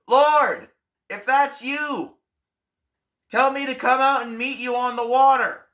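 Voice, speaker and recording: A man voicing a frightened fisherman disciple who shouts to his teacher in a loud, urgent, high voice. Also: steady tone, slow, heavily acted. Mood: pleading. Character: frightened adult male fisherman disciple calling out.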